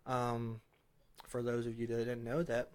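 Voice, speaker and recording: A man's voice: medium pitch, unhurried, clear, resonant tone. Jokey young man telling a story. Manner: relaxed storyteller, jokey, acts out what he said. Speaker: podcast guest. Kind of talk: casual chat.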